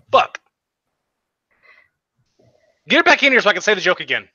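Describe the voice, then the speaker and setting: A man's voice: sits high, lively intonation, moderate pace, bright, forceful tone, no room sound. A man on a livestream, ribbing his friends with sarcastic, profane teasing. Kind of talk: casual livestream chat. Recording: dull lo-fi mic.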